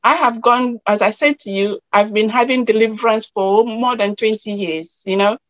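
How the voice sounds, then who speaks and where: Tearful woman minister, bright higher voice, dry close sound, repeats herself in prayer. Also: moderate pace, no room sound, highs cut off. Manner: warm, tearful encouragement with repeated phrases. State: weeping.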